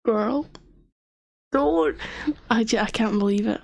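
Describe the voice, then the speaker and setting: A woman's voice: on the high side, takes it slowly, creaky, dry recording. A young woman streaming, telling a story in casual chat, often dropping to a whisper, her voice worn from a sore throat. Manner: animated, often drops to a whisper.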